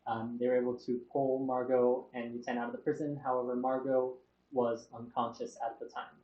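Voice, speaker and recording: A man's voice: medium pitch, level tone. Man recapping a tabletop session, roomy. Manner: halting, with many fillers. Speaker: game master. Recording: muffled, roomy online call audio.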